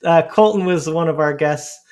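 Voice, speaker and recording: A man hosting a casual panel podcast, chatty and quick to laugh, reading posts aloud. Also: fairly high pitch, darkish tone. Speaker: podcast host.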